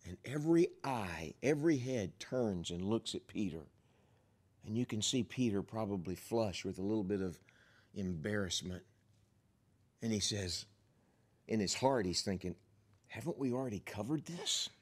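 A man's voice: fairly low pitch, normal speed, pauses often, darkish tone. A man preaching a sermon as a pastor, telling the story in vivid scenes and acting out the voices of the people in it. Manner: drops to a whisper for asides.

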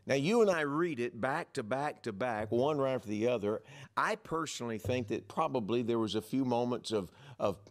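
A man preaching to his congregation as their pastor. He tells the story vividly and slips into the voices of the people in it, sometimes dropping to a whisper. His pitch rises and falls in wide, lively swings. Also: normal speed. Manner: drops to a whisper for asides. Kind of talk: sermon.

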